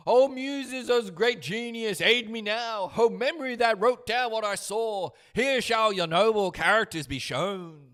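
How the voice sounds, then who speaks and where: Lofty male poet calling on the muses, pitched high and booming, a man putting it on. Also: unhurried, few pauses, fairly bright tone. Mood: exalted. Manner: declaiming, theatrical.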